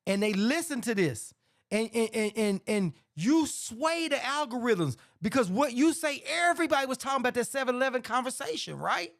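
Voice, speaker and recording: A man's voice: very high-pitched, big pitch swings, normal speed, a bit bright. A middle-aged man hosting a casual sports talk show, ranting bluntly and profanely about boxing, saying "man" constantly and getting heated. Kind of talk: casual boxing commentary rant.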